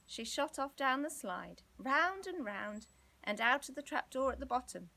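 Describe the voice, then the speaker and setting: Bright, lively woman reading a children's story. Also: high voice, moderate pace, vocal fry, low-quality recording. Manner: expressive, gently dramatic storytelling. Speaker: storybook reader. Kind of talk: children's story read aloud.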